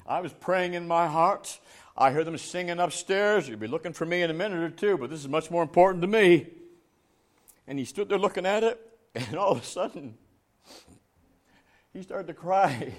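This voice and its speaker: A man preaching an evangelistic sermon, telling personal stories with laughs and acted-out dialogue, rising from quiet narration to loud, emphatic preaching. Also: a little high, moderate pace, long pauses. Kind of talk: storytelling sermon.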